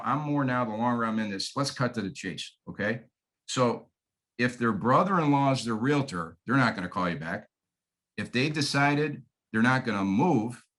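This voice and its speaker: A man in his fifties with a Michigan accent coaches real estate agents in a folksy, emphatic way. His voice sits at an ordinary pitch for a man, and he keeps checking in with his listeners. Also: fairly bright tone, poor audio. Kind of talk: sales training talk.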